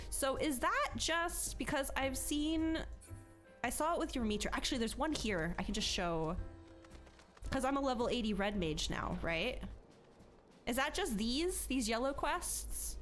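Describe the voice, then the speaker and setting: A woman's voice: medium pitch, a bit bright. A woman game streamer in casual live-stream chat, emotional and chatty, laughing and close to tears.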